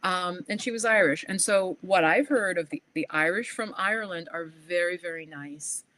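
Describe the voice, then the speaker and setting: Speaking to her livestream viewers in casual chat, this New York woman tells travel stories at a normal pace in a fairly low-pitched voice. She's chatty and animated, performs the back-and-forth of quoted exchanges, and laughs and says "like" a lot.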